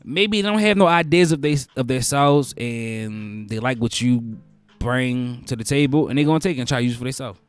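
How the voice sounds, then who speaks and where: A man's voice: medium pitch, expressive, a little fast, clean tone, faint music behind. A male host giving advice in a casual, preachy monologue, repeating phrases for emphasis.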